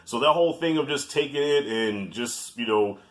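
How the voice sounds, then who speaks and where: A man's voice: mid-range voice, moderate pace. Blunt, joking man in his forties. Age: 40s. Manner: blunt, animated, profane, joking. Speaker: guest movie reviewer. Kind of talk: casual movie review chat.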